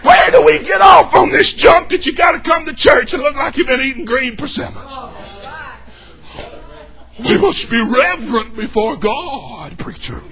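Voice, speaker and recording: A man preaching a fervent, folksy sermon in a church, shouting and whooping as he jokes with the congregation. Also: very high-pitched, animated, measured pace, gravelly, some chatter behind. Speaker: pastor.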